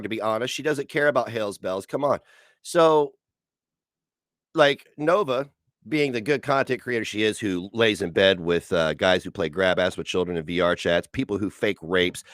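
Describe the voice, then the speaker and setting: A man's voice: fairly low pitch, moderate pace, a bit bright, no room sound, studio quality. Profane, ranting male streamer. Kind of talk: angry commentary rant.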